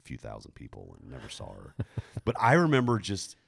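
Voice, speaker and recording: A middle-aged man, telling a story in casual chat, jumping high in pitch when he quotes a woman. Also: huge pitch swings, normal speed, gravelly, breathy edge. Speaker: podcast co-host telling a story.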